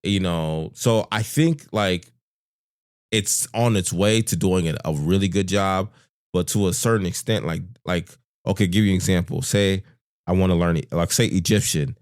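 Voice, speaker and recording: Easygoing man with a very low voice. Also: moderate pace, clean tone, no room sound, clean studio sound. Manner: easygoing, hesitant, lots of restarts. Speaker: guest. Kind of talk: casual chat.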